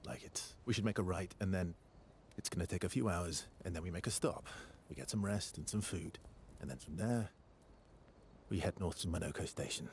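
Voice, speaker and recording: Brief: deep, calm, measured veteran guide in a game. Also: male voice, a little hiss or hum. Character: calm, seasoned male expedition guide.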